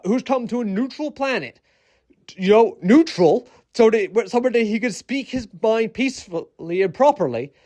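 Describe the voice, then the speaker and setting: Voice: mid-range voice, a little mellow. A video essayist ranting casually, rambling through many fillers and restarts with exasperated, incredulous asides.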